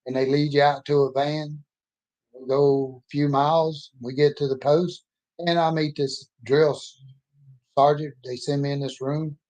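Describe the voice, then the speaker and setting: A man's voice: fairly high pitch, level tone, unhurried, darkish tone. A man in his sixties telling his life story in a folksy, rambling, plainspoken way. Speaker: storyteller introducing himself. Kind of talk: casual personal storytelling.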